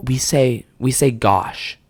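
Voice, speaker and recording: A man voicing a polite religious mother who gently and apologetically corrects a child. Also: mid-range voice, brisk, no room sound, lightly acted. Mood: gentle. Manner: soft, apologetic and calm.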